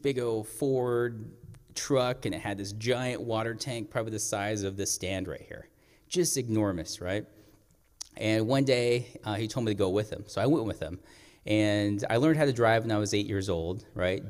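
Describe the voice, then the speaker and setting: Lively man telling stories on stage. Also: on the low side. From Navajo Nation. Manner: lively, animated, conversational with the audience. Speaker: storyteller. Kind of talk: live stage storytelling. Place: stage of a performing arts center. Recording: echoey performing arts hall.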